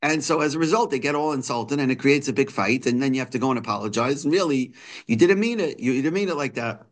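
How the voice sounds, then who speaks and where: A man's voice: mid-range voice, fast talker. Man teaching a Torah text. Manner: explains Hebrew quotes in English, many restarts and fillers. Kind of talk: daily text lesson.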